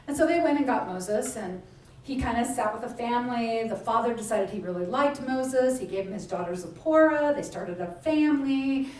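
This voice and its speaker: A woman's voice: on the high side, expressive, moderate pace, darkish tone. Woman preacher in a very echoey room. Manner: conversational storytelling, frequent 'right?' and 'like'. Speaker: minister. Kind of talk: sermon. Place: church sanctuary. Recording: echoey church room, speaker far from the mic.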